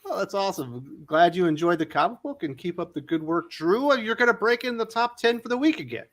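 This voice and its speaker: A man's voice: sits high, lively intonation, a little fast, fairly bright tone. A man hosting a casual comics panel, reading viewer comments aloud and teasing his co-hosts. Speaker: host reading chat.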